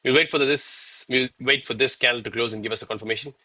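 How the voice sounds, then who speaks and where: A man's voice: mid-range voice, steady tone, quick pace, sharp tone. Breathless, chatty man in his thirties. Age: 30s. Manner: casual, chatty, calls viewers bro and man. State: out of breath between push-ups. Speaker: live trading streamer. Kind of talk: live-stream commentary and chat.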